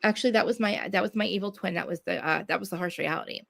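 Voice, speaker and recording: A woman hosting a live podcast, talking fast and loud in blunt, swearing casual chat. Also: medium pitch, creaky, no room sound. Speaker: podcast host.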